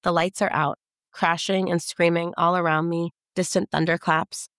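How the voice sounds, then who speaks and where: A woman giving a measured, intimate first-person audiobook narration. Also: on the low side, flat delivery, fairly bright tone, clean tone, dry recording, clean studio sound.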